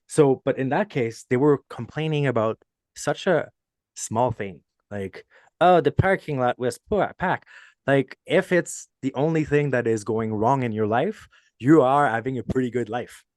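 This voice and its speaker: A man with a French Canadian accent hosts a relaxed podcast conversation, earnest and rambling, often breaking into laughter mid-story. His voice sits in an ordinary middle pitch. It is recorded close and dry, with no room sound. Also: normal speed, no room sound. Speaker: podcast host. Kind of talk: casual podcast chat.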